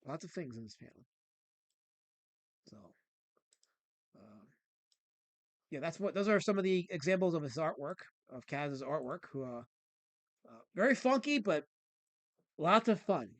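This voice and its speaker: Higher-voiced man hosting a comics chat. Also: sing-song, measured pace, long pauses, dry recording. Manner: rambling, reads comic strips aloud with filler words. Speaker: host. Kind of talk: casual podcast chat about comics.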